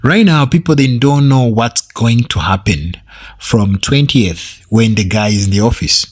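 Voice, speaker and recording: A man's voice: medium pitch, animated, a little slow. Hesitant man giving commentary. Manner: hesitant, many fillers, repeats himself. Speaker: reaction channel host.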